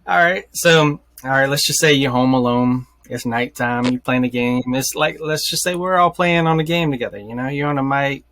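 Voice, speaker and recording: Man, bright forceful voice, dry close sound, casual podcast host, storytelling, acts out reactions. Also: mid-range voice, normal speed, few pauses, dry recording. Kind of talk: casual podcast chat, telling a hypothetical.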